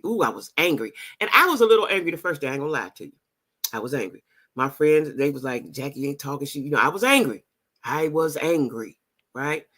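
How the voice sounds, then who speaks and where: Middle-aged woman, casual vlog talk to camera, bright and forceful, emphatic and repetitive. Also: sits low. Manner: emphatic, repeats phrases for emphasis, talks straight to viewers. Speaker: vlogger.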